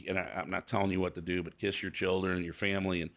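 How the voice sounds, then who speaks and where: Gravelly low-voiced St. man. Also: level tone, fairly bright tone. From St. Louis, USA. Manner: halting, repeats words, emotional and earnest. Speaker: business owner guest. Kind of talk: casual interview.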